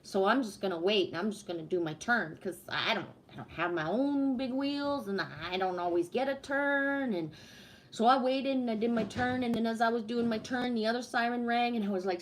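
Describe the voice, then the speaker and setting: A middle-aged woman from Canada chatting casually on a livestream, telling stories in an animated way with a lot of swearing. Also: on the high side, moderate pace, a little hiss or hum. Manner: animated storytelling with heavy swearing. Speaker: livestream host.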